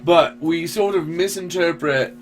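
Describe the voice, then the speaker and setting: A man's voice: on the high side, unhurried, slight background noise. A man hosting a casual online radio show, rambling loosely and swearing now and then. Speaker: podcast host. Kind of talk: casual talk radio chat.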